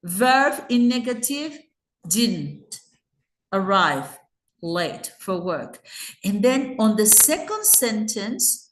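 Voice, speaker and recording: Slow, patient Mexican English teacher. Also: female voice, mid-range voice, very animated, echoey room. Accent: Mexican Spanish. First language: Spanish. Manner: patient, explanatory, asks students questions. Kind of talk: online grammar lesson.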